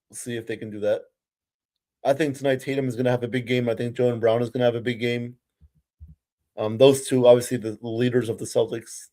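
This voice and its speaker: Young male fan-streamer, mid-pitched, amateur play-by-play, gets heated and sweary at his team. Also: mellow. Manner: frustrated, ranting fan commentary, curses. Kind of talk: amateur live play-by-play commentary.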